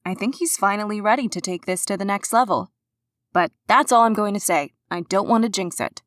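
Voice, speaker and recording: A woman's voice: mid-range voice, a bit bright, no room sound, studio quality, close to an everyday voice. A woman playing a weary, wry sick woman. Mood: teasing. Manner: slow, weary, teasing. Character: sick tired young woman, wry and stubborn.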